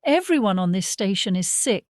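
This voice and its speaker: A man's voice: high voice, sing-song, moderate pace, no echo, studio quality, voice pushed up. A man voicing a frightened, sick young woman survivor, who speaks in a weak, trembling, breaking voice in a sci-fi story. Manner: trembling, breaking, barely audible.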